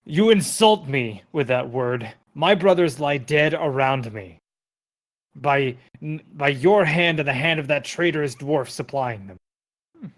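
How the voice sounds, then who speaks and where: A proud, wounded giant, as a man voices him speaks slowly and loudly with heavy scorn. The voice sits at an ordinary middle pitch for a man. This is a tabletop game told around the table. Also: lightly acted. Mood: furious.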